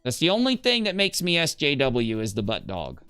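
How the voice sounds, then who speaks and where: A man hosting a livestream, ranting casually in a rambling, animated way. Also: normal speed, clear, resonant tone, no echo, faint music behind. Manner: animated, rambling, breaks into high squeals. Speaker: livestream host.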